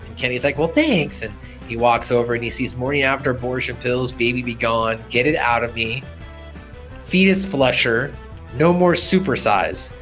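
A man co-hosting a casual podcast, retelling cartoon scenes and jumping into high put-on character voices. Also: normal speed, a bit bright, soft background music. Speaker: podcast co-host.

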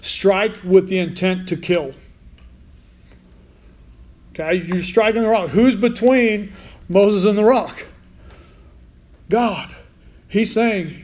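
Speaking slowly and pausing often, a man with a high, slightly mellow voice gives a casual Bible sermon. The talk is conversational and informal, with questions aimed at his listeners along the way.

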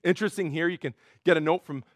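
A male pastor preaching a sermon in an earnest way, rising in pitch and force when he quotes cries. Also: quick pace, no room sound, clean studio sound.

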